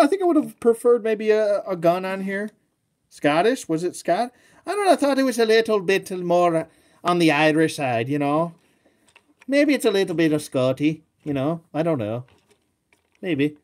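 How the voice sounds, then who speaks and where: A man's voice: on the high side, darkish tone. A man giving a casual toy review, rambling and joking, with lots of ums and uhs.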